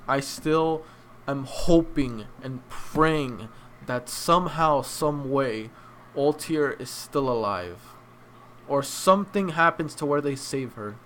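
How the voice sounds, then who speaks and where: A young man hosting an anime review, choked up and crying, talking in a heartfelt, halting way with many restarts. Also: mid-range voice, a bit bright, a little hiss or hum. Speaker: anime reaction channel host. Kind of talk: emotional casual review.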